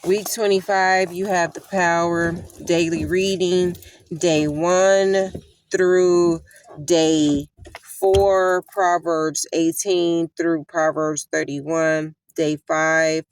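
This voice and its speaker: A woman's voice: lowish voice, steady tone, extremely slow, a little hiss or hum. A woman hosting a casual Bible study on her phone, irritated and repeating herself. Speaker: host of an online Bible study. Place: in her vehicle. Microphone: phone camera.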